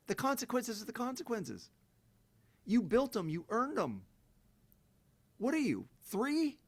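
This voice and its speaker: A man's voice: on the high side, animated, moderate pace, a bit bright. Blunt, profane man ranting in monologue. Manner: blunt and profane, heated emphatic rants; mocks others in sing-song quoted voices. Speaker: self-help speaker. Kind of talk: unscripted monologue.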